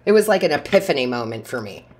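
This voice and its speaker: Woman doing a tarot reading, really low voice, rambly and chatty, laughs a lot. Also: very animated, quick pace, a little mellow, slight background noise. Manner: chatty storyteller, laughs often. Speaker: tarot reader. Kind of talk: casual tarot reading monologue.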